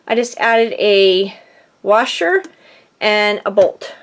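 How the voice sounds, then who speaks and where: A woman's voice: mid-range voice, lively intonation, takes it slowly. A middle-aged woman chatting casually in her home craft studio, rambling and a bit out of breath. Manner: rambling, chatty, self-deprecating. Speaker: crafting vlogger. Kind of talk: casual chat.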